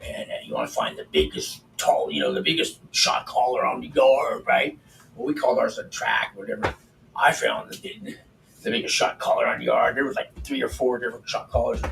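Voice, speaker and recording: Cooking at home on a livestream, an older man spins casual stories with blunt, profane chatter. His mid-range voice has lively intonation, vocal fry, and a bit of brightness, and he talks fairly quickly. He's recorded from a distance, in a roomy setting with faint background noise.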